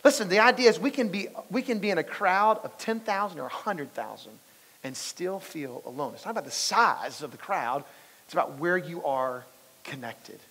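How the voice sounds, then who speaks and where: High-voiced male pastor in a reverberant hall. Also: fairly bright tone, husky. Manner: storytelling, asks the congregation questions. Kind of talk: conversational sermon. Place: church sanctuary. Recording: long reverb of a large church hall.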